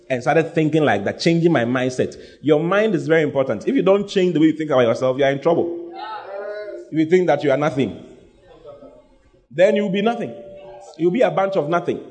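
A man's voice: mid-range voice, animated, brisk, darkish tone. A man preaching a sermon, speaking emphatically, repeating his lines and having the congregation say them back. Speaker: pastor.

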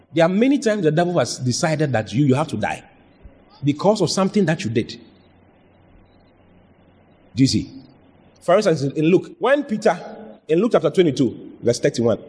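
A man's voice: on the high side, darkish tone, husky. A man preaching a sermon, emphatic and repetitive, often checking in with the congregation with questions. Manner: emphatic, repeats phrases, asks the congregation questions. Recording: reverberant hall.

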